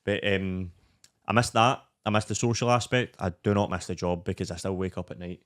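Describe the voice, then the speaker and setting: Fast-talking young Scottish man. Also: low-pitched. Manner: rambling, sweary, animated storytelling. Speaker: guest. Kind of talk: casual podcast chat.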